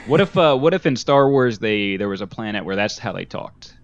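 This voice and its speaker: A man's voice: fairly low pitch, animated, fairly quick, lo-fi sound. A man co-hosting a casual podcast chat, joking and laughing often. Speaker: podcast co-host.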